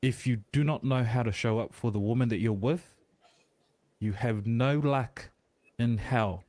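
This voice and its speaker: A man's voice: mid-range voice, a little slow, darkish tone, no room sound. A man on a podcast making his point emphatically, in a lecturing way. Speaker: podcast guest. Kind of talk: casual podcast discussion.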